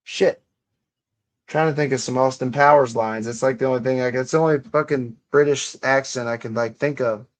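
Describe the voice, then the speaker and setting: Young dude streaming live, rambling and swearing, plain mid voice. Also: male voice, medium pitch, steady tone, brisk. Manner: rambling, profane, offhand. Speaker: livestream host. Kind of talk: casual livestream chat.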